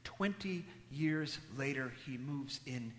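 A man preaching a sermon, telling a story and moving between loud emphasis and hushed, near-whispered lines. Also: medium pitch, animated, slow pace. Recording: long hall reverb.

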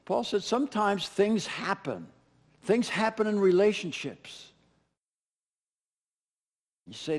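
Slow and often pausing, this pastor's high-pitched voice rises and falls widely as he delivers his sermon. He addresses the congregation in a conversational, direct way and repeats phrases to drive points home.

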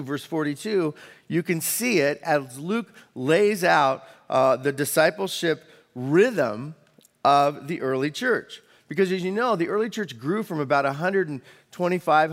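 A man preaching a sermon as a pastor, in a conversational way with quick asides and the odd restart. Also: on the high side. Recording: long hall reverb.

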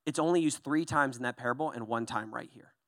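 Speaking quickly in a mid-range voice, a young pastor delivers a chatty sermon, animatedly performing the voices of figures in the Bible passage and asking "okay?" and "right?" along the way. The studio-quality recording has no room sound.

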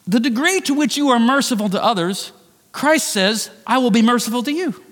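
A middle-aged man preaching a sermon as pastor, conversational and animated, with self-deprecating asides. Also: extremely high pitch, brisk, big-room sound. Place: church sanctuary.

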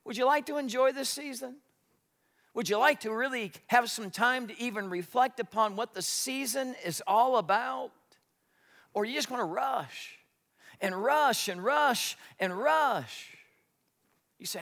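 Male pastor, high bright voice, animated storyteller, sermon in a reverberant church hall. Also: measured pace, gravelly.

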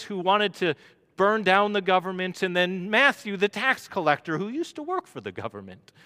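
A man preaching a sermon as pastor, building to loud emphatic runs. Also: high voice. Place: church sanctuary. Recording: long hall reverb.

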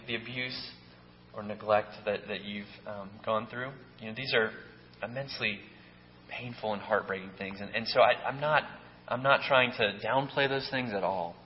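A man's voice: mid-range voice, slight background noise. A man preaching a sermon in a loose, conversational way, often checking in with "right?" and restarting his sentences. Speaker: pastor. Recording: echoey hall, dull lo-fi sound.

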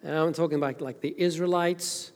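A woman's voice: low voice, fairly even intonation, a little fast, a little mellow. A woman from Zimbabwe preaching a casual, chatty sermon as senior minister, with joking asides to the congregation. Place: church sanctuary. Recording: long hall reverb.

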